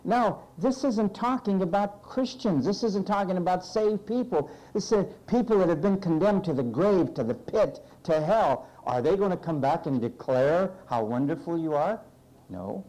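A man's voice: high-pitched, moderate pace, low-quality recording. A man preaching a sermon, reading scripture aloud and mockingly acting out the complaints of the person in the verses. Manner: animated, sarcastic, acting out quoted complaints.

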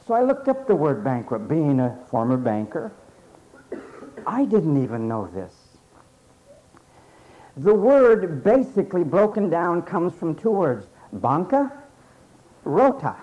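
A man preaching a sermon emphatically, repeating phrases and pausing for effect. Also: fairly high pitch, wildly swooping pitch, mellow. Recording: dull lo-fi sermon recording.

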